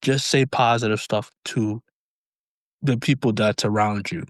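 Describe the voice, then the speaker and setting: A man's voice: lowish voice, steady tone, unhurried, no echo. Hesitant man, stammering in casual chat. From Canada. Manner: hesitant, stammering, lots of backchannel agreement. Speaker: podcast co-host.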